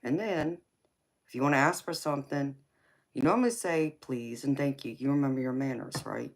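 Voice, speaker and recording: A woman's voice: deep voice, expressive, fairly quick, vocal fry. A woman with a Southern US accent from Georgia, hosting a casual live tarot stream, greeting viewers with honey and baby and lecturing them about manners. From United States. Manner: folksy, calls viewers honey and baby, laughs often. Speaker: tarot reader and livestream host.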